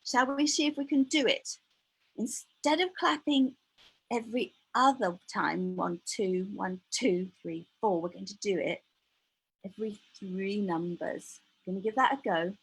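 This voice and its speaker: A woman leading a lively counting lesson for young children, bubbly and encouraging, counting aloud in a sing-song way. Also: mid-range voice, a little slow, husky, low-quality recording. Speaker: early years maths teacher.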